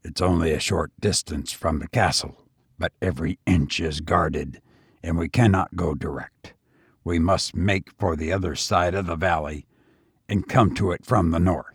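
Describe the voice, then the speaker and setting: A man reading aloud and voicing a cautious, crafty male castle jailer who speaks in a quiet, measured way. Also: low voice, steady tone, husky, dry recording, studio quality, voice pushed down.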